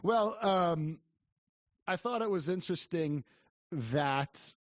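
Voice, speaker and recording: A man's voice: a little high, lively intonation, takes it slowly, dry recording. A man co-hosting a podcast, chatting casually about politics with many restarts and fillers. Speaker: podcast co-host. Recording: dry, dull lo-fi sound.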